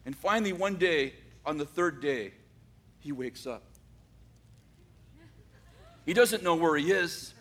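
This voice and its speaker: A man telling a dramatic story, swinging from loud bursts to hushed asides. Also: fairly high pitch, expressive, slow, long pauses.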